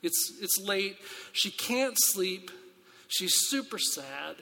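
A man preaching a sermon after reading scripture, talking earnestly and conversationally with many rhetorical questions and quick restarts. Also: high voice, sing-song, vocal fry, bright, forceful tone. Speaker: pastor. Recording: long hall reverb.

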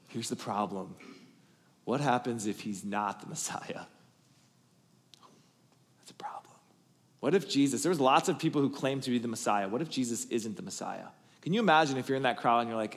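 A pastor with a mid-range voice tells a story in his sermon, building up animatedly and swinging from loud, emphatic passages to quiet asides before his congregation. A long reverb tail trails his words.

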